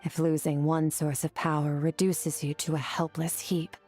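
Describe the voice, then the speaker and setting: An actress voicing a calm, aloof young female swordswoman in a video game, speaking in a measured, composed way. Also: sits low, soft background music. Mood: calm instructive.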